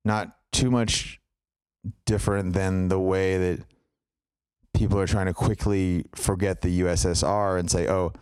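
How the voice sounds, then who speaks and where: A man's voice: low-pitched, flat delivery, a little slow, darkish tone, clean tone, no room sound, clean studio sound. A man co-hosting a podcast, talking in a loose, rambling way full of fillers and tangents. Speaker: podcast co-host. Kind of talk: casual chat.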